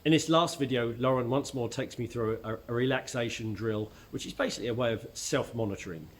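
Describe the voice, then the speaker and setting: A man with a Cockney accent talks casually to the camera as the host of his own channel. His voice is croaky because he is ill. He keeps a chatty manner, full of "uh"s and restarts, at an ordinary, middling pitch. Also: brisk, slight background noise. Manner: chatty, with frequent fillers and restarts. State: croaky voice from illness. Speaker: aikido instructor and channel host.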